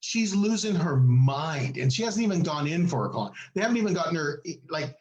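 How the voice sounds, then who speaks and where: Man, podcast co-host, casual storytelling, animated, acts out quotes, fairly high voice, echoey room. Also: a little fast, dull audio. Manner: animated, acts out quoted people with big pitch jumps.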